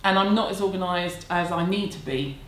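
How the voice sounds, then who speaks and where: A woman's voice: fairly low pitch, fairly quick. Chatty woman in an echoey room. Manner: candid, chatty and self-deprecating. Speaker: vlogger answering viewer questions. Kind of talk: casual chat. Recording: echoey room, faint background hum.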